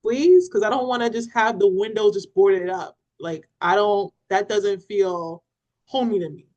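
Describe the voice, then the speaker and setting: A mid-range female voice at normal speed comes through a muffled recording. Co-hosting a parenting podcast, she relays a story in relaxed talk, acting out people's lines with animation and laughter.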